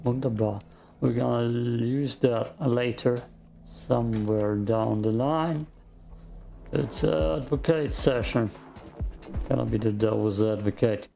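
A man giving calm, slow gameplay commentary, thinking out loud, with a gravelly morning voice. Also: medium pitch, faint music behind. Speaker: game streamer.

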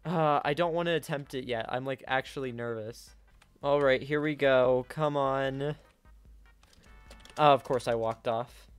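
A young man giving live gameplay commentary, swinging between yelling in frustration and quiet muttering to himself. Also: medium pitch, measured pace, clear, resonant tone, dry recording, soft background music. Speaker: gaming YouTuber.

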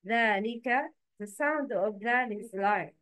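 A woman teaching letter pronunciation in a slow, patient lesson, repeating each word for the learner to echo. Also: fairly high pitch, expressive, a bit bright.

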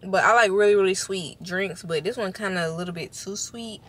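A young woman vlogging casually to camera from inside her parked car, chatty and expressive, swearing freely and talking to her viewers as y'all. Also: medium pitch, fairly quick. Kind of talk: casual vlog talk to camera.

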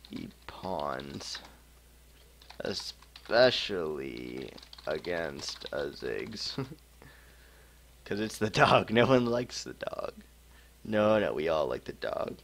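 A man with a low, gravelly voice talks over his own game from a home desk mic, joking and muttering at the screen. He drawls slowly, with a lively pitch that rises and drops. Keyboard typing can be heard as he plays. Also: a little hiss or hum. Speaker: gamer streaming a match. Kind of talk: casual live game commentary.

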